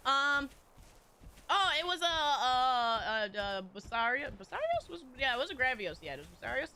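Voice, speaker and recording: A woman's voice: sits high, sing-song, moderate pace, pushed and bright, a little hiss or hum. A woman game streamer chatting casually with viewers, rambling with lots of restarts and little laughs.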